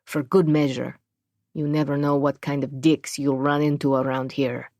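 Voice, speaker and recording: A woman's voice: deep voice, flat delivery, moderate pace, darkish tone, dry recording. A woman voicing a cold, guarded male building superintendent who swears a lot, in a dry audiobook recording. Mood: gruff. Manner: profane, curt.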